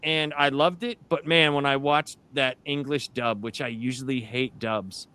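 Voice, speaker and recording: Excited man with a bright voice. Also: mid-range voice, moderate pace, clear, resonant tone. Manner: excited, animated storyteller. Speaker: podcast panelist. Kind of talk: casual panel chat.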